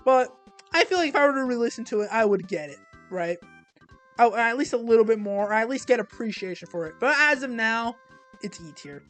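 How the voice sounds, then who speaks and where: A young man talking casually as he ranks albums, rambling and self-deprecating, with many halting restarts. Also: very high-pitched, expressive, fairly bright tone, faint music behind. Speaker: music reviewer. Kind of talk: casual album ranking monologue.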